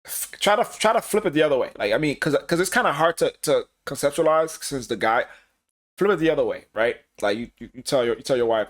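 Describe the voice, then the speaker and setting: A man co-hosting a podcast, chatting casually and acting out quotes in animated bursts. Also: on the high side, brisk. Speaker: podcast co-host.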